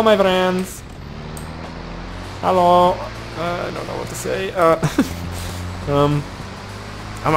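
A young man giving excitable, heavily profane, jokey running commentary while playing a driving game. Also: lowish voice, noisy background. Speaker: gaming video host. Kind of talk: let's-play commentary. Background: game music and car sounds.

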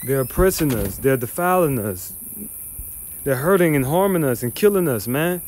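A man's voice: medium pitch, lively intonation, normal speed, darkish tone, a little hiss or hum. A man teaching the Bible verse by verse, reading passages then ranting in a profane, scornful, emphatic way. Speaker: scripture teacher.

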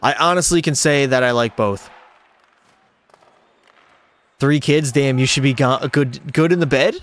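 A man's voice: mid-range voice, moderate pace, a bit bright. A young man streaming a hockey video game, doing hyped play-by-play and answering chat with jokes. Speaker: gaming streamer. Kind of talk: live gameplay commentary with chat.

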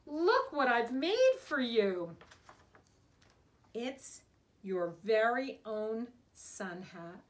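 A woman's voice: fairly high pitch, sing-song, slow pace. A woman reading aloud as a dreamy, eager little male mouse in a storybook. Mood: excited.

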